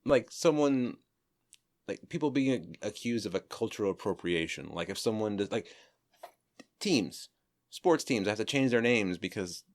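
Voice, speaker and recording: A man co-hosting a podcast in casual chat, relaxed and telling anecdotes. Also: fairly low pitch, normal speed. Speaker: podcast co-host. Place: home studio. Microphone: studio mic.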